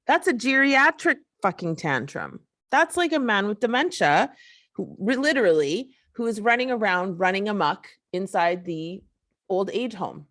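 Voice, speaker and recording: On her solo podcast, a woman with a mid-range, slightly bright voice rants with lots of animation but without rushing. Her casual tirade is frustrated, forceful, and profane.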